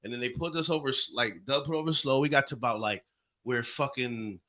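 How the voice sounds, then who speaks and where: A man in his forties telling a story in casual podcast talk, animated and acting out voices and sounds. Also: mid-range voice, brisk. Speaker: podcast co-host.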